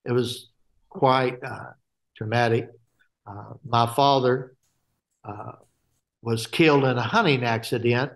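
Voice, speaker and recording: Halting man telling his faith testimony. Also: medium pitch. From Alaska. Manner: halting, many fillers and restarts. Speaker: guest.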